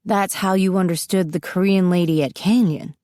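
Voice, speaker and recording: Audiobook figure, stunned earnest young man, halting questions, voiced by a woman, slightly low voice. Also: fairly even intonation, dark tone, no echo, studio quality, close to an everyday voice.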